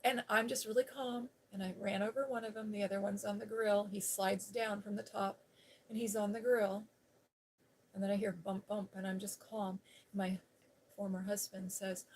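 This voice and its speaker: A middle-aged woman hosting a live stream, telling a personal story in a chatty, animated way. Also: mid-range voice, normal speed.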